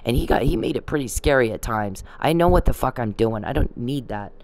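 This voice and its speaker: A woman's voice: rumbling low, animated, brisk, darkish tone. A woman vlogging in a rambling, indignant to-camera rant, swearing freely.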